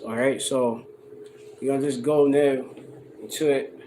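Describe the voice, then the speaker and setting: Slow-talking man teaching from scripture. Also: mid-range voice, steady tone, warm tone, a little hiss or hum, low-quality recording. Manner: loose and conversational, heavy on "you know" and "all right"; reads verses slowly and sounds out words to define them. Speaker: Bible teacher. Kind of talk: casual scripture study. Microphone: handheld phone camera, no tripod.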